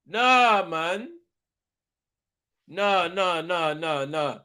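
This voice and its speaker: A young man hosting a live football watchalong, excitable and slangy, swinging from shouted outbursts to low mutters and repeating himself. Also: normal speed. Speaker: watchalong host.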